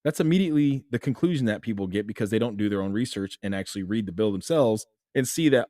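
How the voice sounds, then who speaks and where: A young man hosting a solo opinion commentary, talking animatedly and jumping to emphatic highs as he acts out imagined people. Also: animated, fast, hardly any pauses, dark tone, no room sound, studio quality. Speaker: host.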